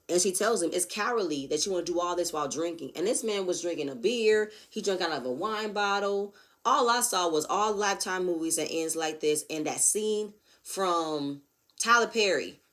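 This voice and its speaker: A woman giving a blunt, profane, animated recap of a reality show episode. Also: fairly low pitch. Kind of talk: casual recap commentary.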